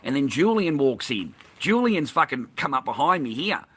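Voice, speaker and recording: An Australian man pours out a rambling, heated monologue, swearing constantly. His voice is bright and pushes forward. He sits in a middle register and keeps circling back to his grievance. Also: mid-range voice, very animated, normal speed, husky. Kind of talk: profane ranting monologue.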